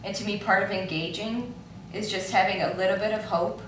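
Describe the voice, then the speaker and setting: A woman's voice: mid-range voice, fairly even intonation, fairly quick. A woman co-hosting a book club chat, reading a passage aloud, then reflecting earnestly. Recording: echoey room, far from mic, background noise.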